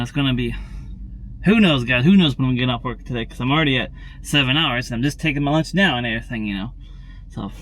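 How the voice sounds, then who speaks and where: A man vlogging to his viewers in a loose, rambling way. He keeps circling back with filler like "and everything," speaks at a middling pitch and repeats little phrases as he goes. The talk sounds off the cuff and chatty. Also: pushed and bright, slight background noise. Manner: rambling, tacks on "and everything" and "tell you what" constantly; talks straight to viewers, repeats words. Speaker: daily vlogger. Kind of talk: casual rambling vlog chat.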